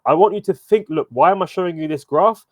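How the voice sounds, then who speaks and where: A man coaching a live online workshop, energetic and encouraging, calling on participants by name and checking in with "okay?" and "right?" as he talks over a computer mic. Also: sits high, fast, no room sound.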